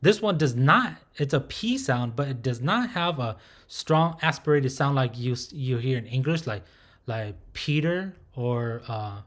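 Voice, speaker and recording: A man teaching a language lesson, who patiently demonstrates sounds and repeats them slowly, checking in with "right?". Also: mid-range voice, expressive. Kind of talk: recorded lesson.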